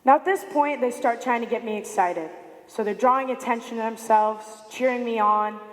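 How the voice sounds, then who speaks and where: A woman in her late teens giving a prepared speech to an audience, telling a story with animated delivery and acting out quoted lines. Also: fairly high pitch, moderate pace. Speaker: student speaker. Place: large high school arena. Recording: echoey arena with long reverb.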